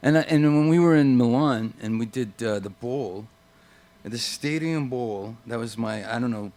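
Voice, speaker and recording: Male guest musician, lively anecdote teller, casual and profane, average pitch. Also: moderate pace. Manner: animated anecdotes, acts out quoted voices, swears. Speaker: guest guitarist. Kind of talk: casual storytelling chat.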